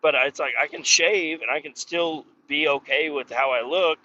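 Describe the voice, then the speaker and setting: A man's voice: fairly high pitch, normal speed, bright, forceful tone, lo-fi sound, slight background noise. A man hosting a podcast, griping and swearing casually about his job while driving in his car. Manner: profane, exasperated griping. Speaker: podcast host. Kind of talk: casual solo rant.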